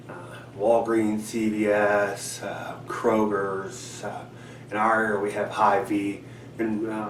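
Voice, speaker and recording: A man hosting a fishing channel gives a casual how-to at home, rambling and halting with plenty of ums and restarts. His somewhat low voice is picked up by a distant mic in a roomy, echoey space, with faint hiss underneath.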